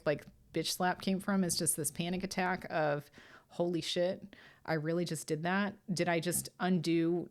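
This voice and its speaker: A middle-aged woman talks alone into her podcast microphone, her voice sitting a little low for a woman. She speaks candidly and swears freely. She is tearful and holds back sobs as she goes. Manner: candid and emotional, frequent swearing. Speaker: podcast host. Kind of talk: casual solo podcast monologue.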